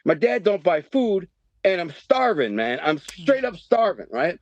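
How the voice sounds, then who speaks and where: A middle-aged man, from Detroit, telling his life story as a podcast guest in a streetwise, animated way and acting out the voices in his quotes. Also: sits high, unhurried. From Detroit, USA. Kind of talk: casual storytelling. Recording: dry, dull podcast audio.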